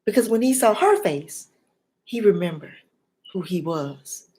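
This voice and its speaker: Woman, life coach, motivational talk, preacher-like, whispers then loud emphasis. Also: fairly low pitch, expressive, unhurried. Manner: addresses the viewer directly.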